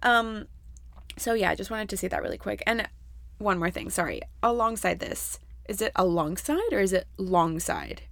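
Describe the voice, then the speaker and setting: A woman's voice: medium pitch, animated, moderate pace, gravelly, a bit bright, dry recording. A young woman hosting a podcast solo, talking casually and candidly with lots of fillers and swearing. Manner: chatty, candid, swears freely, many fillers. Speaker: podcast host.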